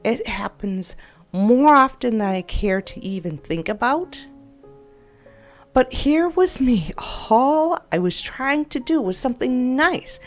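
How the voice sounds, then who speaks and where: A woman talks through a frustrating encounter in a loose, rambling monologue. She sounds upset and exasperated and keeps doubting herself. Quiet music plays underneath. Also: fairly high pitch, animated, slow pace. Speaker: game video creator. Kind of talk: personal venting monologue. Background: faint background music.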